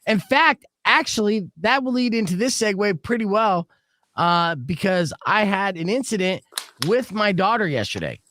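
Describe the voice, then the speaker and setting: A middle-aged man from Arizona hosting a radio show, telling a long story in a casual, animated way and acting out what people said. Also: sits high, moderate pace, a little hiss or hum. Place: radio studio.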